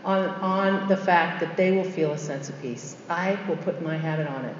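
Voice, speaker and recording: A woman's voice: lowish voice, moderate pace, few pauses, slight background noise. Emphatic woman in an echoey hall. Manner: emphatic, repeats key phrases, conversational asides. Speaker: Catholic religious sister. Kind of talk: storytelling faith talk to an audience. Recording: echoey hall, dull muffled sound.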